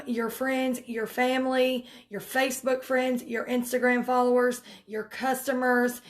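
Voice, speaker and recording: Woman, a bit higher voice, chatty live coaching, emphatic, repeats herself. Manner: chatty and emphatic, with frequent restarts and direct commands. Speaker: direct sales team leader. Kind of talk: casual live coaching video.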